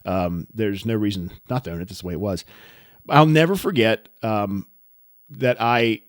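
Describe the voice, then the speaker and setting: A man co-hosting a podcast, telling a story in a casual, rambling, self-deprecating way that turns animated. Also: on the low side, normal speed, dry recording, studio quality. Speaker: podcast co-host.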